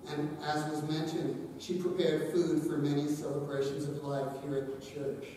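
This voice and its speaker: An older man, the son-in-law, delivering a memorial eulogy with gentle storytelling and light humor. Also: fairly high pitch, little pitch movement, normal speed. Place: large echoing hall. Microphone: distant. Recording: echoey hall, distant mic, faint hiss.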